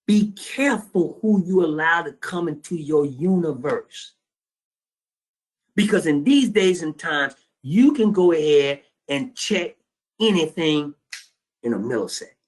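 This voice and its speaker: A man whose voice is a little high, with lively intonation and a measured pace, teaches a trading class. He tells students a blunt story laced with profanity, voicing both participants in a phone call as part of the lecture.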